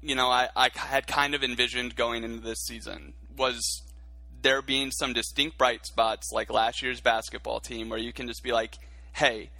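A man co-hosting a sports podcast, talking in a measured, reflective way on a close mic. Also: mid-range voice, flat delivery, gravelly, sharp tone, no room sound. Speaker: podcast co-host. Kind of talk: casual sports chat.

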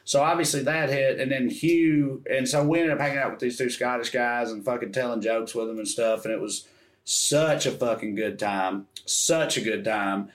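A man from the Southern United States, telling travel stories as a podcast co-host in an animated, profane way. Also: mid-range voice, moderate pace, roomy sound. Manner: animated storytelling, profane, acts out quotes. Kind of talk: casual chat.

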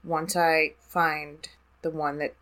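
A woman's voice: low voice, little pitch movement, slow pace, background noise. A woman hosting a casual podcast over a video call, teasingly reading out listener messages. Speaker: podcast host. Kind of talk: casual chat.

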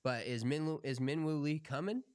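A man co-hosting a golf podcast, talking in a relaxed, opinionated way and swearing casually. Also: on the high side, moderate pace, clear, resonant tone, no echo, clean studio sound. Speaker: podcast co-host.

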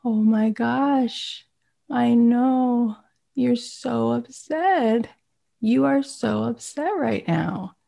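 A woman acting out a mother gently comforting an upset baby, speaking slowly. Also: fairly high pitch, vocal fry, voice pushed up, heavily acted. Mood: soothing. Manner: slow, gentle and reassuring.

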